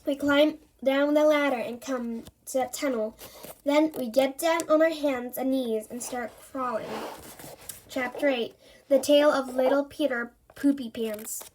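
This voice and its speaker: Woman, high voice, playful children's book reader. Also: fairly even intonation, unhurried, a little mellow, slight background noise. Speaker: storybook reader. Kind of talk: reading a children's book aloud.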